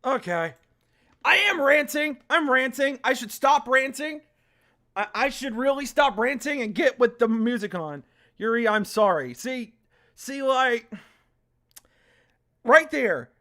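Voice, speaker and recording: A woman streamer ranting about the game she plays, with a bright, sharp tone that cuts through. She talks at an unhurried pace, dwelling on each word when she gets worked up, and swears freely. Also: sits high. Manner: ranting, exasperated, quick to swear; reads game text aloud in a flat voice. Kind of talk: live-streamed game playthrough with commentary.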